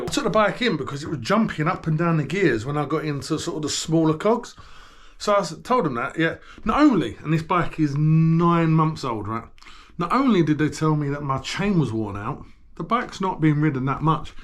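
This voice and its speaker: A man's voice: on the high side, a little hiss or hum. A man with a Cockney accent, chatting casually in a rambling, grumbling way while vlogging about cycling. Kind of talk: casual vlog chat.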